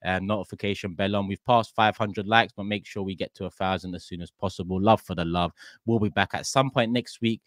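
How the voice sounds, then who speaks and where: A man's voice: low-pitched, fairly even intonation, brisk, fairly bright tone, dry recording, clean studio sound. A man with a London accent hosting a casual football chat show, reading fan messages and laughing often. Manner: laughs often, upbeat sign-off patter. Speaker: host.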